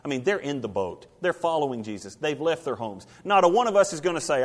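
A man preaching a sermon, swinging from hushed to loud, rising passages and asking the congregation rhetorical questions. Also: on the high side, sing-song, brisk, few pauses. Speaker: pastor. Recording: reverberant hall.

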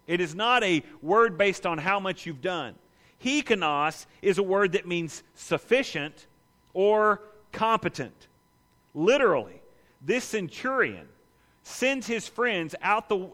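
Guy preaching a sermon, bright punchy voice, kinda high, long echo like a big church. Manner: preaching with emphatic rises and dramatic quoted voices. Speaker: pastor.

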